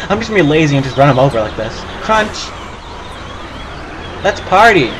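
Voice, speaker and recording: Excitable, foul-mouthed gamer guy, lively pitch. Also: fast talker, noisy background. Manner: profane, excitable, yelps and laughs while playing. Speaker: gaming channel host. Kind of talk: let's play commentary.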